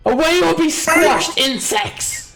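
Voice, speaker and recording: A man voicing a huge, panicked female stone giant who shouts at intruders in a high, strained voice. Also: lively intonation, slow pace, creaky, soft background music, full character voice. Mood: panicked shouting.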